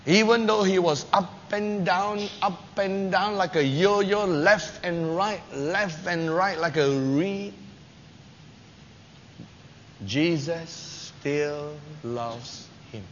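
A man preaching a sermon, telling scripture stories with lively, acted-out quotes. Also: takes it slowly, few pauses. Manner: animated storytelling, acting out quotes with rising pitch and loudness. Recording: dull lo-fi recording with long hall reverb and faint noise.

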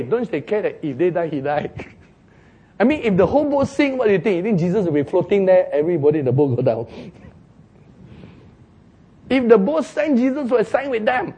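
A male pastor delivers a sermon as a lively story. His voice sits a bit high and sounds husky and breathy. He jumps up in pitch to act out the quoted voices and chuckles at his own jokes. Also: normal speed.

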